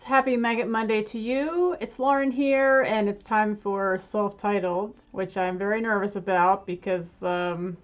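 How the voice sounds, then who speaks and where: A woman's voice: a little high, lo-fi sound. A woman hosting a casual music reaction video, chatty and self-deprecating, laughing easily as she talks.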